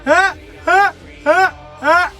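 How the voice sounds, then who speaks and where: A man doing a shrill, brash comedian impression. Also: lively intonation, unhurried, bright, forceful tone, faint music behind, exaggerated voice. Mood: indignant. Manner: shrill, exasperated ranting. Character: brash, indignant comedic man, squeaky laugh.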